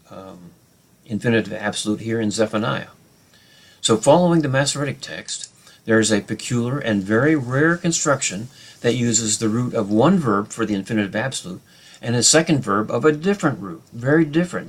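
A man's voice: lowish voice, breathy edge. A man teaching a verse-by-verse Bible study, talking unscripted with many fillers and restarts, explaining Hebrew grammar and reading scripture aloud.

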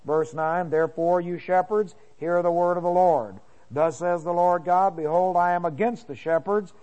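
A man's voice: high voice, steady tone, normal speed, warm tone, poor audio. A man as pastor teaching a sermon verse by verse, reading scripture aloud and breaking in with comments, with many fillers and restarts.

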